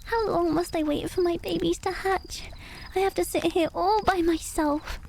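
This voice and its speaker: A woman's voice: very high voice, steady tone, moderate pace, vocal fry, slight background noise, pitched above the performer's own voice. Woman doing a fretting mother duck. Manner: warm and fretting, stern when scolding. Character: fussy caring mother duck.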